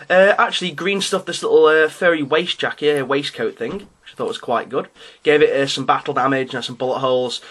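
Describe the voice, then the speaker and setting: A man's voice: medium pitch, a bit bright. A man casually showing off his hobby miniatures, talking in a rambling, hesitant way with frequent ums and restarts, and with an amused, self-deprecating tone. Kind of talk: casual show-and-tell narration.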